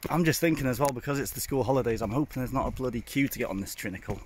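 A man's voice: mid-range voice, racing. A man from Wales vlogging while he hikes up a hill, chatty and self-mocking, sometimes out of breath. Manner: chatty, self-mocking, keeps calling viewers folks. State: out of breath from climbing. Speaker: hiking vlogger. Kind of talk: casual vlog narration while hiking. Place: outdoors on a hillside trail. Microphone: handheld phone. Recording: outdoor wind and ambient noise.

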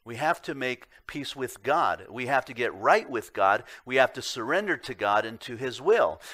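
A man preaching a sermon as pastor, earnest and emphatic, asking the congregation rhetorical questions and swinging between loud emphasis and quiet low remarks. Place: church sanctuary.

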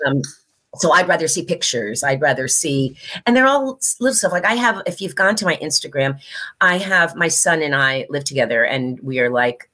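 A woman from the United States talks as a guest in a casual interview, with a fairly low voice. She is animated and laughs easily, and she slips into other people's voices when she quotes them. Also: normal speed. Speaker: guest actress.

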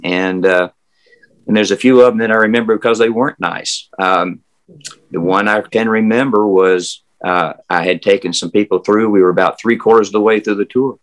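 Speaking at normal speed with fairly low pitch and rather even intonation, an elderly Southerner reminisces about his days as a historic house guide. The casual interview comes over a remote video call with poor audio, and he rambles folksily with fillers and false starts.

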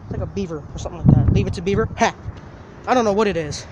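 A man casually telling a story for his vlog outdoors, animated and laughing, swearing now and then. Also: high-pitched, rapid-fire, lo-fi sound. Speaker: vlogger. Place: outdoors, walking in the open. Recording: outdoor noise from traffic.

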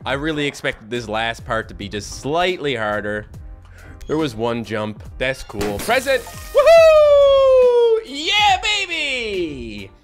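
A man's voice: medium pitch, unhurried, music in the background. A man giving gameplay commentary, self-mocking and chatty, talking to himself and his viewers. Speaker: gaming YouTuber.

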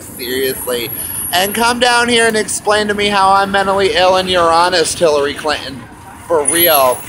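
A man with a high, bright, tense voice rants angrily on a busy city street, cursing and taunting over and over. He speaks straight to the camera in a heated, repetitive street rant. Faint traffic hums behind him. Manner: angry, profane, repetitive taunting.

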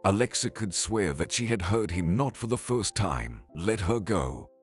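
A man narrating a scripted story in an expressive storytelling manner. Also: lowish voice, normal speed. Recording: faint background music.

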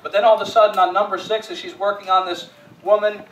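A male pastor preaching a sermon in a church, dropping to hushed storytelling and rising to emphatic appeals, often repeating words as he restarts phrases. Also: high voice, flat delivery, fast talker, dull audio. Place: church sanctuary. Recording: echoey church room, mic at a distance.

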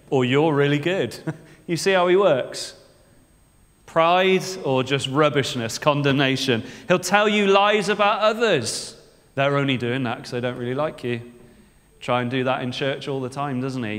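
In a church full of long reverb, a man preaches with a fairly bright voice on the high side. He keeps the sermon conversational, frequently asking the congregation rhetorical questions.

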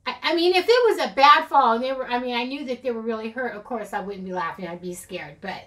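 A woman's voice: on the high side, fast, fairly bright tone. A middle-aged woman, chatting casually and rambling through a craft haul video, often giggling at herself. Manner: rambling, giggly, self-deprecating. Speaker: craft channel host. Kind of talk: casual haul vlog chat.

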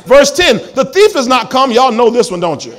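A man's voice: extremely high pitch, very animated, normal speed. A male pastor preaching a sermon in a church, emphatic and full of call-and-response questions to the congregation.

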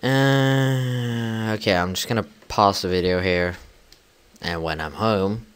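A young man with a deep, unhurried voice that has a bright, forceful edge, talking through his game as a channel host. His commentary is loose and rambling, full of ums and restarts, with sudden loud yells at the screen. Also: clean tone. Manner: rambling, filler-heavy, bursts into loud yells. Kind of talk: casual let's-play commentary.

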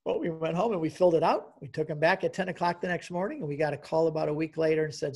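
Older guy in his 60s telling his conversion story, emotional, kinda husky voice. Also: fairly high pitch, quick pace, few pauses. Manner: storytelling, emotional, acts out quoted dialogue. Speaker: guest speaker. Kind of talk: personal testimony lecture.

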